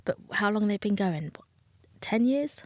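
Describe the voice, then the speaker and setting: A woman's voice: medium pitch, lively intonation, normal speed, no room sound, clean studio sound. A middle-aged British woman, a dating coach, speaking frankly and emotionally in an interview, acting out other people's voices. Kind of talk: candid interview talk.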